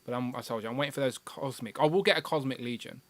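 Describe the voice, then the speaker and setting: A man's voice: medium pitch, fast talker, fairly bright tone. A man hosting a casual live stream about toys, joking and reading out viewer comments. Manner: jokey, reads out viewer comments. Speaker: livestream host.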